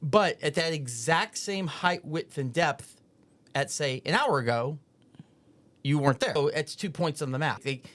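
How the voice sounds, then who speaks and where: A man's voice: fairly high pitch, animated, unhurried, fairly bright tone. A man co-hosting a movie podcast in casual chat, patiently explaining ideas with a dry, teasing edge. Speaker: podcast co-host.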